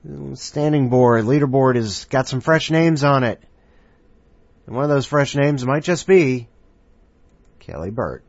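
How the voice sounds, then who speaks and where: A man's voice: mid-range voice, unhurried, long pauses, no echo. Male podcast host, playful and rambling, dry muffled sound. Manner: rambling, playful, self-mocking. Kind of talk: casual show hosting. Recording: dry, slightly muffled home recording.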